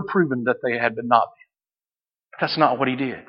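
A male pastor preaching a sermon, moving from hushed pleading to loud, fervent preaching. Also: mid-range voice, normal speed, long pauses, rough recording. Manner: swings from hushed pleading to shouted fervor.

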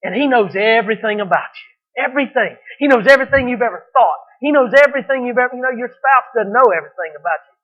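A man's voice: very high-pitched, expressive, quick pace, hardly any pauses, muffled recording. A man preaching a sermon as pastor, earnest and emphatic, repeating his points for weight.

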